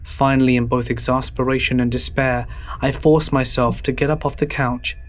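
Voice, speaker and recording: A man's voice: medium pitch, steady tone, moderate pace. Somber man narrating a horror story.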